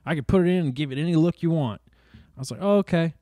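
This man talks at a quick pace while co-hosting a podcast, animatedly telling a story and impersonating quoted people in a higher pitch. The clean studio audio has no room sound.

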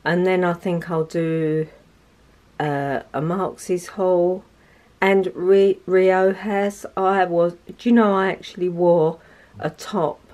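A woman in her sixties chatting casually on her lifestyle vlog, soft-spoken and heartfelt. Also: on the low side, fairly even intonation, slow, poor audio. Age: 60s. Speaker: lifestyle vlogger.

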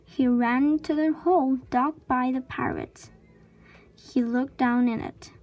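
A woman reading a children's chapter book aloud with slow, clear storytelling. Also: high voice, fairly even intonation, darkish tone, soft background music. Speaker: reader.

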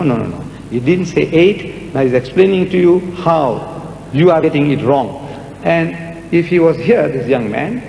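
A man's voice: sits high, a little mellow. Guy preaching at a q&a, repeats himself a lot, roomy echo and a faint hiss. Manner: emphatic, repeats words for effect. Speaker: public speaker answering audience questions. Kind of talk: public lecture Q&A. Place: large lecture hall with audience. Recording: echoey hall with long reverb, faint noise.

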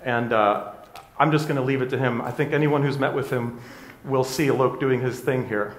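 A man's voice: medium pitch, steady tone, moderate pace. A middle-aged man, a hypnotherapist, giving a candid, conversational motivational talk and often checking in with his listeners. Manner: candid, conversational, with frequent tag questions. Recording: echoey room.

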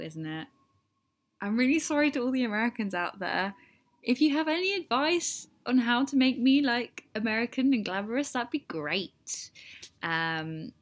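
A young woman vlogging casually to camera, rambling and self-deprecating, now and then trying an American accent on single words. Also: medium pitch. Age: young adult. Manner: jokey, attempting an American accent on odd words.

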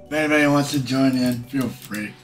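A man's voice: medium pitch, brisk, soft background music. A man streaming live, chatting casually in a tired, rambling way and stumbling over his words.

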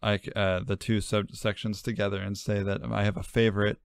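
A man's voice: on the low side, flat delivery, fairly quick, vocal fry, clean tone, no room sound, clean studio sound. A man co-hosting a casual podcast, joking about himself and rambling through his stories. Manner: jokey, rambling, self-mocking. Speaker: podcast co-host. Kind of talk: casual chat.

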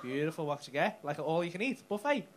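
A man's voice: a little high, big pitch swings, fast talker, background noise. A man doing stand-up crowd work, teasing and mocking the audience with lots of swearing. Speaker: stand-up comedian. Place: comedy club stage. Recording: live club with audience laughter.

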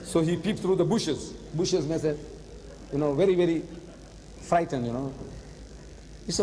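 An older man giving an animated religious lecture, telling stories and slipping in phrases. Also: a little high, normal speed, pauses often, slight background noise. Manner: animated storytelling, switching into Hindi-Urdu phrases. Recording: long hall reverb.

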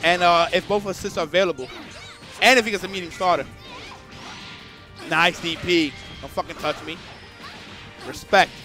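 A man doing live commentary on a fighting game match, excitable and swearing freely, breaking into shouts. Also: high-pitched, normal speed, pauses often, soft background music.

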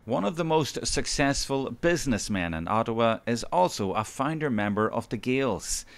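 A man reading scripted documentary narration in a measured, formal way. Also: mid-range voice, animated, no echo.

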